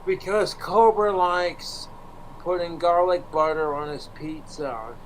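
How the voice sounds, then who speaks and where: A man's voice: a little high, slow, slight background noise, rough recording. A man on a livestream, ranting sarcastically and with heavy swearing at his viewers.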